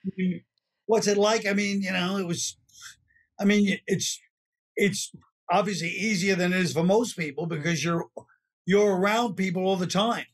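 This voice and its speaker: A man's voice: high voice, steady tone, moderate pace, slightly rough. A man, chatting as a comedian guest, wry and rambling, often trailing off mid-sentence. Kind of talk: casual podcast chat.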